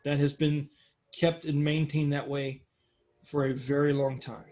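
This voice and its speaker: Narrating a tabletop role-playing game, a man with a fairly high voice for a man lays out the scene for his players in a relaxed, rambling manner, with lots of ums in his pauses. The recording is muffled, with faint music in the background.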